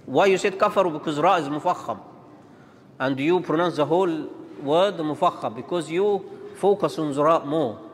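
A man teaching Quran pronunciation, demonstrating and contrasting letter sounds in a halting, repetitive way. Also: fairly high pitch. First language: Arabic. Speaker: tajweed teacher. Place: large mosque hall. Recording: long reverb of a large hall.

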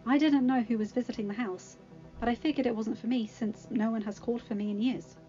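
Lady reading as a gentle young girl, kinda high and excited, muffled recording, faint music. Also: brisk, natural voice. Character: kind shy young woman who befriends animals. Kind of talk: storybook reading.

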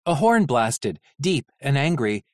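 Animated audiobook narrator. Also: mid-range voice, slow pace, no echo, studio quality. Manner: expressive, animated reading.

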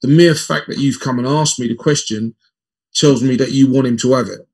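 A man in his fifties, a former footballer, telling lively anecdotes as an interview guest and acting out the dialogue. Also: medium pitch, moderate pace, breathy edge. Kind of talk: conversational storytelling in an interview.

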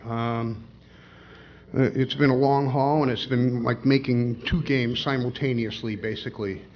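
A man's voice: mid-range voice, fairly even intonation, unhurried, highs cut off. A man giving a casual seminar talk as a guest speaker, rambling with many restarts. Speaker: guest speaker, pinball designer.

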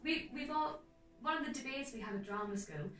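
A young woman in her twenties with a North East English accent, an actress talking as a guest in a casual interview, emphatic and animated with quick restarts. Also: high voice. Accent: North East England. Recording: echoey room, mic at a distance, faint music.

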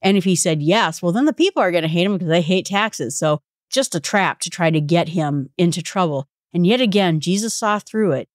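Low-voiced woman teaching scripture. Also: lively intonation, a little fast, few pauses, dry recording, clean studio sound. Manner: conversational, asks rhetorical questions, reads scripture aloud. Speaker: podcast host teaching Bible study. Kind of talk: casual Bible teaching.

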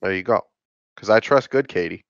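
A man's voice: fairly low pitch, a little fast, vocal fry, no echo. A young man chatting casually while playing an online game, joking and teasing his friends with confident quips. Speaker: gaming channel host. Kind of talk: casual gameplay chat. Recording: dull lo-fi mic.

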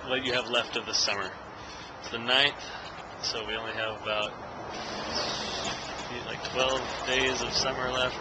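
A young man rambling and joking in a casual daily video blog. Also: medium pitch. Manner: rambling and jokey. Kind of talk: casual chat. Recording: noisy background.

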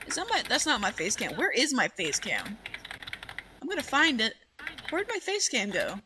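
A woman streamer chatting casually, excitable and full of swearing as she rambles. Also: fairly high pitch, normal speed, noisy background. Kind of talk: casual livestream chat.

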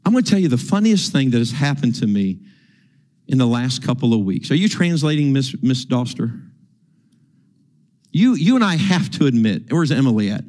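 A man preaching a sermon in a church, animated and repeating himself as he acts out quotes. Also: medium pitch, moderate pace. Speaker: pastor. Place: church sanctuary.

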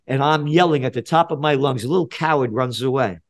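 Older New York guest, seventies, combative profane storyteller, ordinary middle register. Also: male voice, brisk. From the Bronx, New York. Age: 70s. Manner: blunt, fiery, profane, swings from low mutter to loud. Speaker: guest, trend forecaster. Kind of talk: podcast interview, storytelling.

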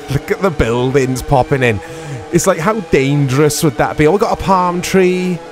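A retro game reviewer with a voice on the high side, speaking at a moderate pace, plays an old racing game over background music. His commentary is casual and rambling, self-deprecating, and full of tag questions.

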